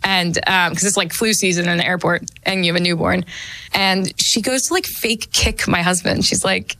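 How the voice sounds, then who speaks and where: A young woman with a bright, clear voice tells stories as a guest on a radio talk show, switching into little voices for the people she quotes. The sound is dry and close, as from a studio microphone. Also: on the low side, moderate pace, no echo, low-quality recording. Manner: animated storyteller, acts out quoted voices. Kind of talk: casual chat.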